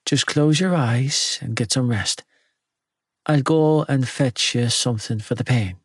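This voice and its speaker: A low voice playing a calm, kind hospital nurse who speaks softly in an audiobook. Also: male voice, a little slow, breathy edge, dry recording, studio quality. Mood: gentle. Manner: soft-spoken.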